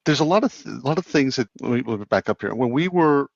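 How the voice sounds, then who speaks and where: A man's voice: medium pitch, lively intonation, fast talker, vocal fry, no room sound. Middle-aged male co-host, self-mocking rambler, muffled dry recording. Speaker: sales consultant, podcast co-host. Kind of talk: casual chat.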